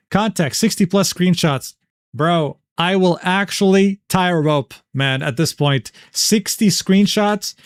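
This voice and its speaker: Guy streaming, reading drama screenshots out loud, swears a lot, sarcastic, kinda high voice, dry close sound. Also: slow, clear, resonant tone, no echo. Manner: profane, exasperated, sarcastic asides; reads chat messages and screenshots aloud. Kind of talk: casual livestream commentary.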